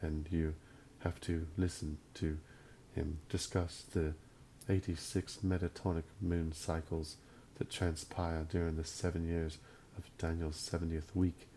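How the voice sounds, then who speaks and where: A man putting on the voice of a soft-spoken man with an accent who explains things very slowly and quietly. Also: low-pitched, level tone, slight background noise, pitched below the performer's own voice. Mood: droning. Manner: slow, hushed, drawn-out.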